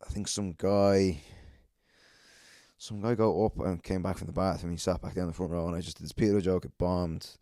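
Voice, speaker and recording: A stand-up comedian hosting his podcast alone, telling a long story in a very low voice. His tone is dark and mellow, and the recording is dry and close. He rambles and swears freely as he tells it. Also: flat delivery, moderate pace, dry recording. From Ireland. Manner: profane, rambling anecdote with acted-out quotes. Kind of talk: casual solo podcast storytelling.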